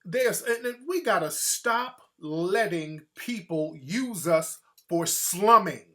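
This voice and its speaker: A male host talks through his opinions in loose, profane commentary. His voice sits fairly high for a man. He delivers it with energy and often drops into quick mocking impressions of other people. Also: lively intonation, a bit bright.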